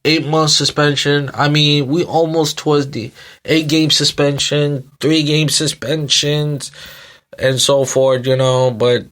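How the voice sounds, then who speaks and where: In his thirties and visibly drowsy, this sports podcast host yawns through a rambling rant, repeating himself and leaning on "um" and "you know." He speaks slowly in a level, fairly bright voice that sits a little high.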